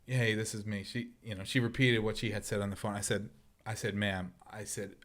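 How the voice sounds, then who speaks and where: A man's voice: on the low side, little pitch movement, brisk, a bit bright, slight background noise. A man telling a story on a casual podcast, acting out voices in the quotes and laughing often. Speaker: podcast co-host.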